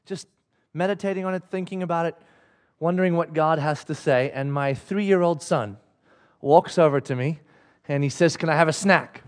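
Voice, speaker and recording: A man in his thirties preaching a sermon, telling a family story with animated, emphatic delivery. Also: on the high side, moderate pace. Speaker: pastor.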